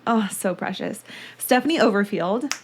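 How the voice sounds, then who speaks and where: A woman's voice: mid-range voice, animated, moderate pace, background noise. A woman hosting a podcast, chatting casually and then narrating a true-crime case in a gushing, talkative way. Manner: chatty, gushing, reads listener mail aloud. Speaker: podcast host.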